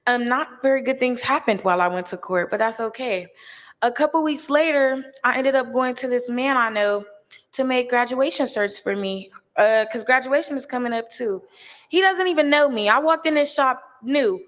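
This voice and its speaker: A teenage girl with a fairly high voice gives a personal testimony, earnest and halting with frequent fillers. Her voice rings out with a long hall reverb. She comes across as a young student speaker addressing a gathering. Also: fairly bright tone. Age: teens.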